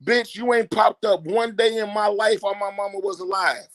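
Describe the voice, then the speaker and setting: A man's voice: sits high, moderate pace. A man on a casual podcast who tells stories with lots of swearing and acts out the voices of the people in them. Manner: animated, profane storyteller who acts out quotes.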